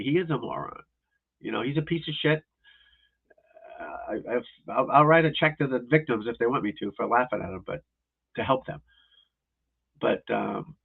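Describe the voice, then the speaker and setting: A golf instructor hosts a livestream in a casual, rambling rant that's blunt and profane. His mid-range voice is creaky and husky, and the audio is tinny, like a phone.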